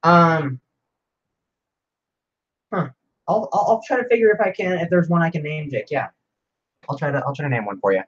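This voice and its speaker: A man hosting a casual livestream Q&A, rambling excitedly as he reads viewer comments aloud. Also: a little high, moderate pace, pauses often, breathy edge, muffled recording. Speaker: livestream host.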